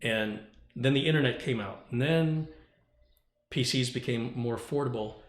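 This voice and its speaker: A man hosting a casual tech stream, telling a story in an animated, ranting way. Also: mid-range voice, moderate pace, roomy sound. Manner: ranting, animated storytelling with mock quoted voices. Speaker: tech YouTuber host. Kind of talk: casual livestream chat.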